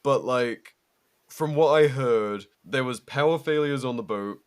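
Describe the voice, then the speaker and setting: A man's voice: medium pitch, measured pace, smooth. A young man co-hosting a podcast in casual chat, laid-back, swearing often, with lots of fillers and laughs. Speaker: podcast co-host.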